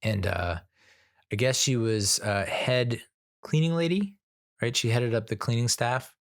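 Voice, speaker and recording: A man's voice: medium pitch, measured pace, no room sound, studio quality. A man giving a casual spoken movie review, rambling with lots of fillers, restarts and frequent laughter.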